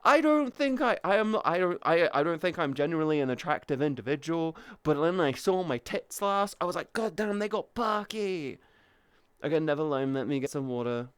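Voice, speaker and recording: A woman's voice: deep voice, expressive, brisk, hardly any pauses, clean tone, no room sound. A young woman chatting on a live stream, playful and crude, calling her chat sweetie and baby. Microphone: headset boom mic.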